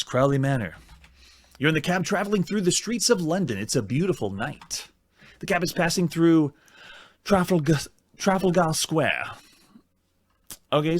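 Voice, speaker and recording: A man's voice: on the high side, no room sound. Chatty man thinking aloud over a retro game. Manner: thinks aloud while typing commands, chatty and self-mocking. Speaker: host. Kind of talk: retro game let's-play commentary.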